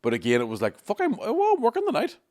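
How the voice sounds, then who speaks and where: A man's voice: sits high, huge pitch swings, darkish tone. Podcast co-host guy, voice swings all over, jokey and chatty. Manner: chatty, jokey, quick interjections. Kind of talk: casual chat.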